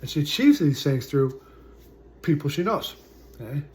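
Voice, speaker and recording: A man in his forties telling his own story as a vlogger, halting and full of fillers, his sentences often trailing off quietly. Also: on the high side, very animated. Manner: halting, full of "uh" and "you know", trailing off softly. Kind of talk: personal storytelling to camera.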